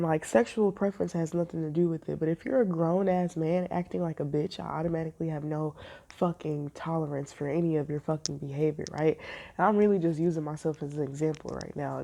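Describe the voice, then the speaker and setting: Woman tarot reader, low mellow voice, blunt and profane, casual storytelling. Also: fairly even intonation, brisk, vocal fry.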